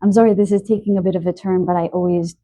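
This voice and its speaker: A woman giving a spoken tarot card reading, a little stuffy from allergies and clearing her throat, talking softly and earnestly with emotion. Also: fairly low pitch, steady tone, quick pace. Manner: soft, earnest, emotional about animals.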